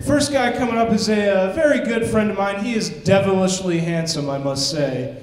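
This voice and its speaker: Echoey wry stand-up host, high-voiced man. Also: normal speed, slight background noise. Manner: wry, rambling storytelling with punchy outbursts. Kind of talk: stand-up comedy set. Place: comedy stage in a small venue. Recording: very echoey room.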